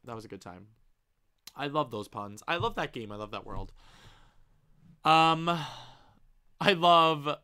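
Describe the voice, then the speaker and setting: A young man hosting a live stream, chatting casually and reading viewer comments aloud with excitable, gushing enthusiasm and the odd swear. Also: mid-range voice, clean tone.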